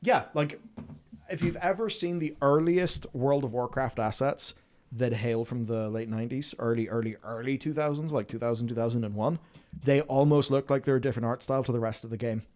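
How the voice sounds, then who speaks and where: A man of medium pitch co-hosting a casual live stream. He explains things in long stretches and turns sarcastic, often laughing at his own jokes. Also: a little fast, darkish tone. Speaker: co-host.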